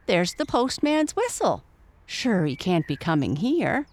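A woman's voice: on the low side, animated, a little slow, darkish tone. A woman voicing a kindly, worried Irish widowed mother with homely, lilting speech in a storybook reading. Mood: excited.

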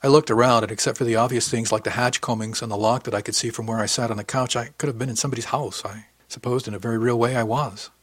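A man narrating a first-person audiobook, lifting his pitch for character lines and dropping low on dialogue tags. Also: fairly even intonation, fast, few pauses, dry recording.

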